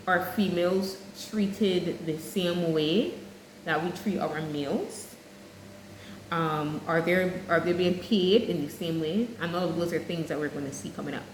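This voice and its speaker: A woman teacher giving an English lesson, explaining clearly and speaking straight to her students. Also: lowish voice, a little hiss or hum. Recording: echoey room with faint ambience.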